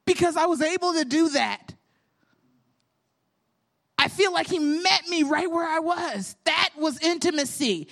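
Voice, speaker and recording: A woman's voice: high voice, fairly bright tone. A young adult woman hosting a faith podcast, talking in an earnest, candid storytelling way with self-deprecating humor. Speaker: podcast host.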